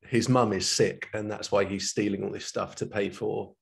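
A man's voice: lowish voice, fairly even intonation, normal speed, vocal fry. A man, a guest writer, talking hesitantly about his story, thinking aloud as he goes. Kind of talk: casual conversation.

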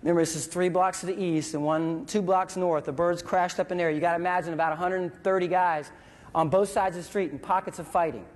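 Animated male storyteller in a big hall. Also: high-pitched, fairly quick. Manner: vivid, animated, acts out sounds and voices. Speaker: veteran speaker. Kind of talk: storytelling speech. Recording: hall reverb.

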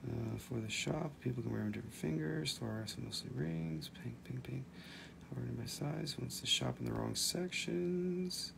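This man's medium-pitched voice has vocal fry and moves at a moderate pace, with background noise behind it. He's selling gems on a home livestream, rambling casually, swearing, and laughing easily.

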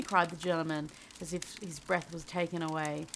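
Soft-spoken woman reading a bedtime story. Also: low-pitched, little pitch movement, normal speed, vocal fry, hardly any pauses, slight background noise, poor audio. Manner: soft, gentle reading with voiced character lines.

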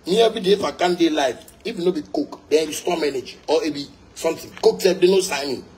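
A man with a Ghanaian English and Pidgin accent ranting angrily, repeating himself and hurling insults in loud bursts. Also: on the high side, quick pace, slightly rough. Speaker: musician ranting. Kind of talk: angry rant.

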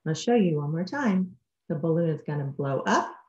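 A woman teacher giving a gentle distance-learning lesson to young children. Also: low voice, animated, echoey room, lo-fi sound. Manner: gentle, slow, speaking to small children.

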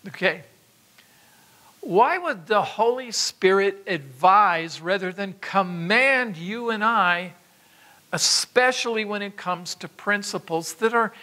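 A man's voice: high-pitched, sharp tone. A man preaching a sermon, exhorting his listeners with emphatic repetitions and asides to them. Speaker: pastor.

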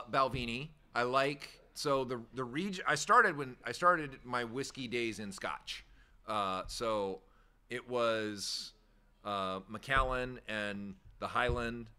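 A man with a fairly low but bright, forward voice talks loosely in a casual chat. He rambles, swears freely and laughs easily. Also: clean tone. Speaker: shop owner hosting a weekly chat show.

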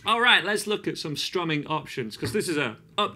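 A guitar teacher with a high-pitched, animated voice gives a casual, encouraging lesson at a moderate pace, counting beats aloud and singing bits as he plays, with the guitar loud over his voice.

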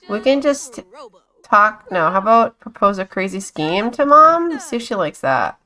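Woman streamer with a bright voice, chatty and giggly, narrating her gameplay casually. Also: on the high side, big pitch swings, measured pace. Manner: chatty, talks to her game characters; giggly, exclaims often.

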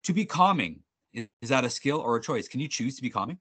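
A male trainer speaks over a video call with a bright, forceful tone that cuts through. His delivery is upbeat and animated, and he jokes with his audience. He restarts his sentences often. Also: mid-range voice, fast talker, breathy edge. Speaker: sales trainer presenting a webinar. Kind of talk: energetic workshop presenting.

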